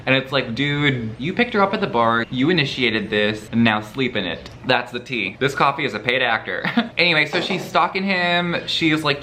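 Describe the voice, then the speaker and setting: A bright, forceful man talks through his reading in a casual vlog, animated and swearing freely in a campy way. A faint ambient hum sits under his voice. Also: medium pitch. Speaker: book vlogger. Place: indoors at home, later outdoors.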